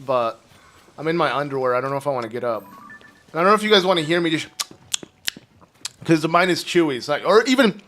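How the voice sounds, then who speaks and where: A man streams a game from home, talking on and on to his chat in a loose, rambling way. His voice sits a little high for a man. His throat is phlegmy and keeps needing a clear. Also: animated, fast talker, pauses often, a bit bright, faint music behind. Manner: rambling, chatty, talks to chat. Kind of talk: casual live gameplay commentary.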